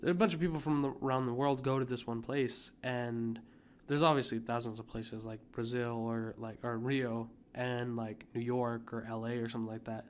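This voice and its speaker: A man's voice: mid-range voice, steady tone, moderate pace. A man co-hosting a podcast in casual chat, rambling with lots of filler words. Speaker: podcast co-host.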